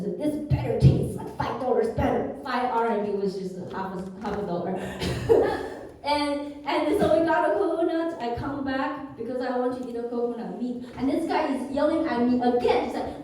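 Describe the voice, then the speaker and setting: A woman from China, speaking with a Chinese accent, performs stand-up and laughs through her stories. Her voice sits high. The sound echoes heavily and comes from far off in the room. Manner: animated storytelling with frequent laughter. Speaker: stand-up comedian. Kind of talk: stand-up comedy set. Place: live comedy venue.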